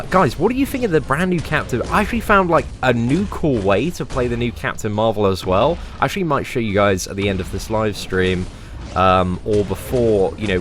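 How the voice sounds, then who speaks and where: A young man giving casual, animated commentary on a game live stream, full of slang and talking to his viewers as mates. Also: lowish voice. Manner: animated and chatty, heavy slang, calls viewers mate and lads.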